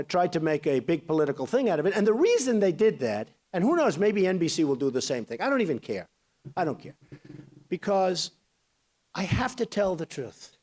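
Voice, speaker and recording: A man in his sixties delivers a loose, rambling campaign speech, bragging freely and drifting off on tangents. His voice sits fairly high for a man, and his delivery stays chatty rather than formal. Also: darkish tone. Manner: boastful, rambling, conversational. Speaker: political candidate.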